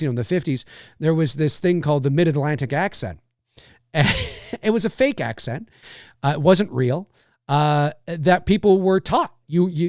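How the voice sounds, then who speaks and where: A man's voice: fairly high pitch, no room sound, clean studio sound. A man in his forties hosting a live stream, chatting casually and answering viewers, with lots of fillers and restarts. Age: 40s. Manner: rambling, loose, many fillers and restarts. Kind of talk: casual chat.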